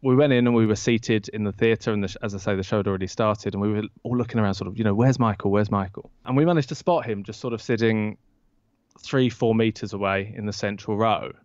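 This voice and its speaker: Low-voiced man telling a story. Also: fast talker, no room sound. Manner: lively storyteller who acts out quoted lines. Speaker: podcast guest, author. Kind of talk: telling an anecdote in an interview. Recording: dull lo-fi dry sound.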